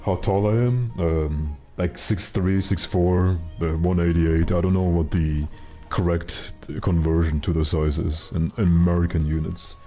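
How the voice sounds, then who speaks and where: A young man with a remarkably low, deep voice and a dark, mellow tone, chatting loosely while he plays. He rambles, jokes and swears, stringing thoughts together with plenty of ums and uhs, and faint music sits under his talk. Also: steady tone, measured pace, hardly any pauses. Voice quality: naturally very deep voice. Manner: rambling, joking, profane, many fillers. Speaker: streamer. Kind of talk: casual game-stream chat.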